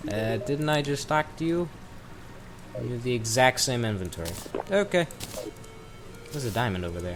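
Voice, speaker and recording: Lively-pitched man, rambling gameplay chat. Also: moderate pace, long pauses, faint music behind. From American South. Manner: rambling, chatty, self-mocking asides. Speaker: gaming commentator. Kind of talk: casual let's-play commentary. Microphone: desk microphone.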